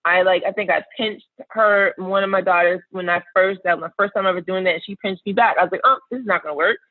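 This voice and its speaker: A woman in her thirties recounting her own experiences with earnest, searching reflection, pausing and restarting as she finds the words. Her voice arrives through a thin, phone-like line with almost no room sound around it. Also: mid-range voice, little pitch movement, no room sound. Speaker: podcast guest, entrepreneur. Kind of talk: personal storytelling in conversation. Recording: tinny phone-like line, dry.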